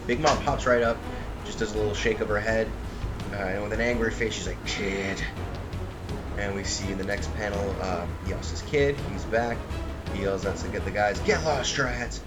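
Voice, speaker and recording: Low-voiced man narrating comic panels. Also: steady tone, fairly quick, loud music behind the voice. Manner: narrates panels, puts on loud high voices for quotes. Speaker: podcast co-host reviewing manga. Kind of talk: casual chat, reading a comic aloud.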